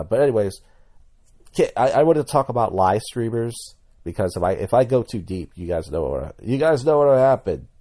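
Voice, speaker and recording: A man's voice: low voice, dark tone. A man talking in a casual commentary vlog as a YouTuber, rambling and blunt, with many restarts.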